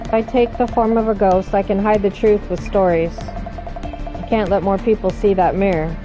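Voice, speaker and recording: A woman's voice: mid-range voice, steady tone, normal speed, music in the background. A woman reading a game's dialogue aloud, voicing every character in turn with dramatic reads. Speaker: let's play narrator reading all characters.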